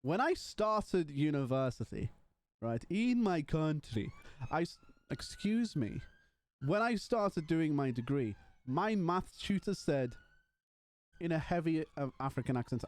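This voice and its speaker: A man's voice: mid-range voice, moderate pace, darkish tone, dry recording. A young man streaming live and chatting casually with his viewers, rambling and joking with some swearing.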